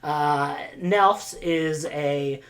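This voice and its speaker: A book vlogger chats casually in a low-sitting, extremely slow voice. She rambles along with goofy asides, silly sound effects and plenty of filler words.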